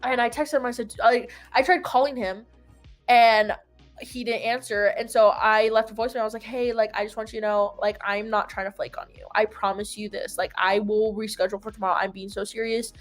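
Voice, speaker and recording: Young woman rambling through a story, kinda high voice, soft music in the back. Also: fairly even intonation, fairly quick. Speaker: host. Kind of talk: casual chat.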